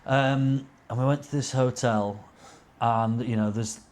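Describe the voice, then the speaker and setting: A man's voice: mid-range voice, fairly even intonation, measured pace, a little mellow. A young man, a podcast guest telling rambling anecdotes in casual chat, swearing and acting out quotes. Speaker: podcast guest, racing driver.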